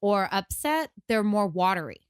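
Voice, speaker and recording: A woman co-host chats on a podcast, giving nerdy facts and teasing her partner. Her voice sits in a middle pitch. The sound is close and dry. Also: big pitch swings, normal speed, smooth, no echo. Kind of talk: casual chat.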